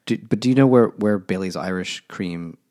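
A man's voice: low voice, moderate pace, a little mellow. A man co-hosting a casual book podcast over beers, telling rambling stories full of "like" and swearing. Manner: rambling storyteller, lots of filler "like", swears. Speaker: podcast co-host.

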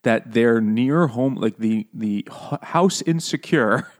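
A man's voice: mid-range voice, takes it slowly. A man chatting casually about a book, joking and swearing, laughing often. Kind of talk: casual book discussion chat.

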